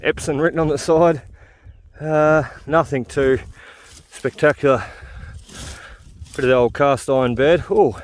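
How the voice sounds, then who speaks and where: A man's voice: on the high side, little pitch movement, measured pace, long pauses, slight background noise. Chatty man hiking outdoors. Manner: chatty, rambling, frequent "uh" fillers. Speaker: vlogger relic hunting. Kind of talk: casual walk-and-talk commentary. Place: outdoors on a hill in the bush.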